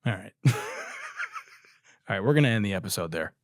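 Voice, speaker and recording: A man's voice: fairly low pitch, animated, brisk, very noisy. A man hosting a comedy podcast, profane and exasperated, often breaking into laughter as he comments. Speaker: podcast host.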